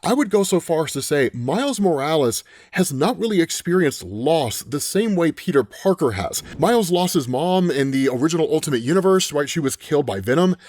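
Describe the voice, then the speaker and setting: A man casually recapping a comic story, animated, quoting the characters as he goes and tagging lines with a quick "right?". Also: fairly high pitch, no room sound, clean studio sound. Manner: animated retelling, acts out lines in quick quotes, frequent "right?". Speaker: comic book explainer.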